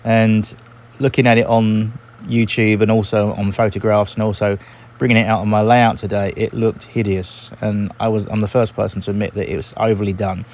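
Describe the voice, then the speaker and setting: A man hosting a model railway vlog, talking in a relaxed, chatty way with frequent ums and self-corrections. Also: lowish voice, a little hiss or hum. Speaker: model railway channel host. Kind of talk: casual hobby vlog narration.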